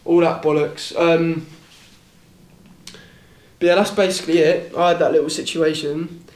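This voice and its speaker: A man's voice: on the high side, level tone, unhurried, a little mellow, roomy sound. A young man on a casual podcast, telling a rambling story, repeating words and swearing casually. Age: young adult. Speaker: podcast host.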